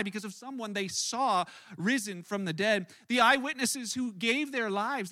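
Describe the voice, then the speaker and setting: High, bright-voiced man preaching. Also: dry recording. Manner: animated storytelling with frequent word repeats and restarts. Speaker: pastor. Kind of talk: sermon.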